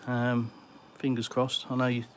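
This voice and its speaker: A man's voice: medium pitch, completely flat delivery, a little slow, slight background noise. A middle-aged Englishman chatting casually on a live stream, reading viewer comments and calling people mate. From England.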